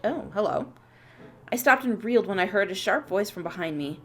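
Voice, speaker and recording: A woman hosting a let's play, reading a visual novel's narration aloud in an expressive storytelling manner. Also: medium pitch, quick pace, soft background music.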